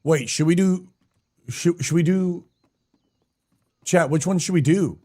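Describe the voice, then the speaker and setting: A man's voice: fairly high pitch, measured pace, pauses often, mellow. A young man live-streaming a game, chatting casually, greeting viewers by name and swearing now and then in a hyped-up way.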